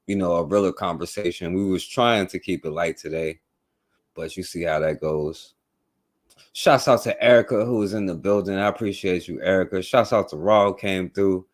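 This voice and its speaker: A male talk radio host speaking casually, laid-back and loose, with many fillers as he gives shout-outs. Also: low-pitched.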